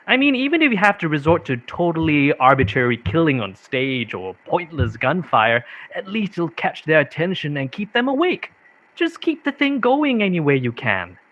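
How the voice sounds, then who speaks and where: A man reading quotations aloud in a measured, expressive way, at a video-call event. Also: on the high side. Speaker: reader of quotations. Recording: dull muffled video-call audio.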